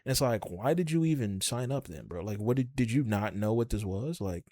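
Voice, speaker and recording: A man's voice: on the low side, animated, a little fast, mellow, no room sound, clean studio sound. A man co-hosting a podcast, talking in a rambling, casual way with lots of fillers and swearing. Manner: rambling, profane, filler-heavy. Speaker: podcast co-host. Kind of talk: casual chat.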